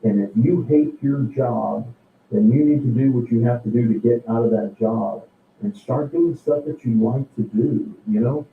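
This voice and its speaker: A man's voice: medium pitch, normal speed, vocal fry, slight background noise. A middle-aged man, hosting a casual live show, rambling with lots of fillers while he gives life advice. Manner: rambling, folksy, advice-giving, many fillers. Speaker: host. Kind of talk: casual live-stream monologue. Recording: echoey tinny distant phone-like audio.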